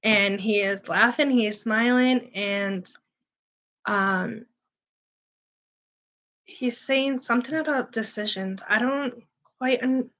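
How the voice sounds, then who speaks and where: A woman's voice: fairly high pitch, takes it slowly, pauses often, fairly bright tone. A woman medium passing on spirit messages in an earnest, slightly unsure way, with frequent fillers. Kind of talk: live reading of spirit messages.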